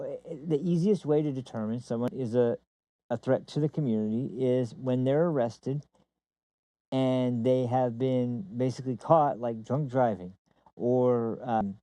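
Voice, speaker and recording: A man making a forceful political argument, full of fillers and restarts. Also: medium pitch, no room sound, rough recording.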